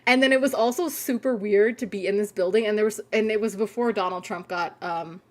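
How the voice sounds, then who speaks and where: A woman's voice: mid-range voice, fairly quick. A young woman, chatting casually on a gaming live stream, telling stories and swearing freely. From Canada. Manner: chatty storyteller, swears freely, reads chat aloud.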